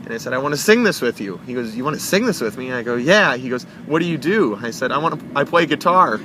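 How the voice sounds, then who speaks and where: A young man tells an excited story from a car. He is animated and acts out every quote, with a low hum of traffic outside. His voice sits at an ordinary middle pitch. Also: fast. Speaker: interview guest.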